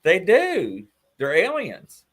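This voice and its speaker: New york guy shooting the breeze on a stream, voice jumps all over, kinda high for a dude. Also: takes it slowly. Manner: animated storytelling, mimics voices in quotes. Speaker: livestream co-host. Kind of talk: casual chat.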